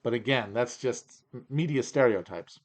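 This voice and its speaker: A man's voice: mid-range voice, normal speed. A man hosting a livestream Q&A from his home region in the upper Midwest, talking in a rambling, wry, opinionated way with many restarts. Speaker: podcast host. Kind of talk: livestream Q&A chat.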